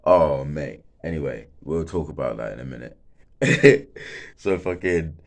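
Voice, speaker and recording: Stoned young bloke rambling on, super deep gravelly voice, swears constantly. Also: male voice, moderate pace, a little mellow. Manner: rambling, swears a lot, fills with "like, literally" and "mate". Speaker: former football stadium security worker. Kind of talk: casual rambling monologue.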